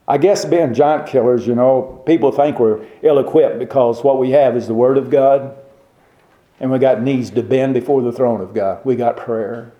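A male preacher delivering a sermon in a warm, mellow voice, emphatic and throwing rhetorical questions to his listeners. The sound is roomy and echoey. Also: medium pitch, fairly even intonation, normal speed, dull audio. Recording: roomy echo.

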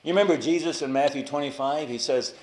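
A man preaching a sermon with passion, dropping to a hush on key phrases and rising to raised emphasis. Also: on the high side, fast. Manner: impassioned, swings from hushed to raised emphasis. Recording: echoey room.

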